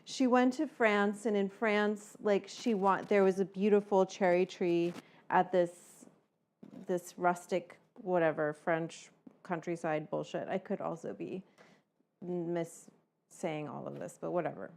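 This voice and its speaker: A middle-aged woman hosts a cooking livestream in a slightly lower register, rambling from one thought to the next. She swears casually and fills her talk with fillers while she chats to her viewers. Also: steady tone, measured pace, creaky, a little mellow. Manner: rambling, chatty and profane, with frequent fillers. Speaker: cooking show host.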